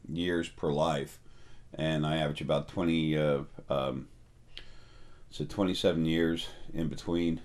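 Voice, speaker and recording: A middle-aged man giving a casual, rambling spiritual talk, full of fillers and restarts. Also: low voice. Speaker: spiritual teacher.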